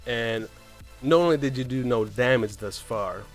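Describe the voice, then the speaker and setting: A man's voice: mid-range voice, moderate pace, soft background music. A man casually telling a story about a game run, rambling along and often tagging on "right?" and "man". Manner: rambling, keeps asking "right?" and saying "man".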